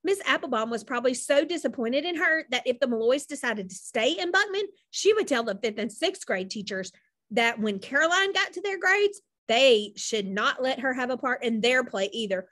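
A woman reads a children's novel aloud, her voice sitting a little high. Her pitch swings widely from phrase to phrase as she tells the story with plenty of expression. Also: big pitch swings, moderate pace, a bit bright. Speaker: audiobook narrator.

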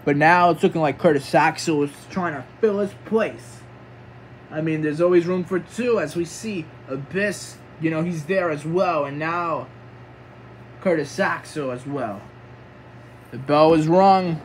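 A man commentating a wrestling video game match, who is jokey and sarcastic between moves and gasps and exclaims loudly when the action picks up. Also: on the high side, moderate pace, a little hiss or hum. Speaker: play-by-play commentator.

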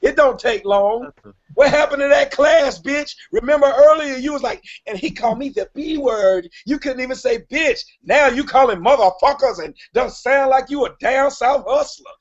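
Brash high-voiced man ranting. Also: moderate pace. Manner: brash, mocking, confrontational. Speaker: live stream host. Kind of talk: profane live-stream rant. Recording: lo-fi stream audio.

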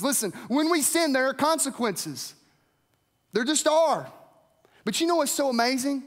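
A man's voice: very high-pitched, a bit bright, big-room sound. A man preaching a weekend sermon as pastor, earnest, lifting and dropping his voice for emphasis.

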